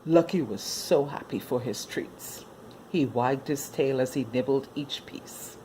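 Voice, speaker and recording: A woman reading a children's story aloud as a storyteller, in an expressive, sing-song manner. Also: a bass voice, measured pace, a little hiss or hum.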